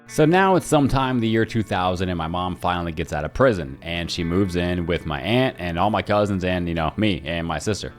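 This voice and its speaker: A young man casually telling stories from his childhood, talking loosely with lots of slang and acting out quoted people in higher voices. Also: brisk, hardly any pauses, faint music behind. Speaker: podcast storyteller. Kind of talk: casual personal storytelling.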